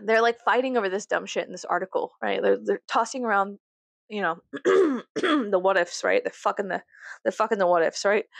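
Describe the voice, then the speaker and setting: Venting to her viewers, a gravelly-voiced vlogger goes on a loose, profane, self-mocking rant, dropping into low musing and then bursting into loud, high exclamations. The recording has no echo.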